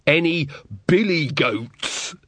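A man's voice: fairly high pitch, animated, slow, fairly bright tone, no echo, clean studio sound, voice pushed up, exaggerated voice. A man reading an audiobook, voicing a giddy, rambling male wizard bursar who babbles happily.

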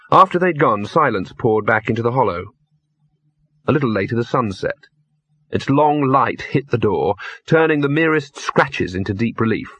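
A man narrating an audiobook in a steady, dry storytelling manner. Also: medium pitch, moderate pace, husky, no echo. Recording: dull lo-fi dry recording.

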